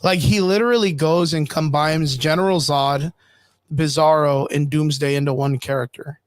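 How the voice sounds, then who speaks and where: A man co-hosting a casual podcast chat, rambling and cursing through an animated fan rant. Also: on the high side, moderate pace, no echo. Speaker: podcast co-host.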